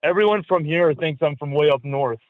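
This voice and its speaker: A man with a Southern American accent chats easily on a call-in show, pleasant and relaxed. His voice sits a touch higher than most men's. It comes through a thin, tinny phone line with a dry sound. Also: fairly quick, no echo. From rural US South. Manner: easygoing, pleasant. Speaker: radio show caller. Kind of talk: casual call-in chat.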